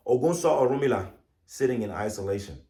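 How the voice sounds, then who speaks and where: Deliberate, animated male Ifa priest. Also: mid-range voice. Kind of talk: spiritual teaching with storytelling. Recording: echoey room.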